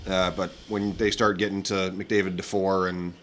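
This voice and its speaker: A man giving measured, explanatory hockey analysis during a live watch-along. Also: sits low, little pitch movement, fairly bright tone, a little hiss or hum.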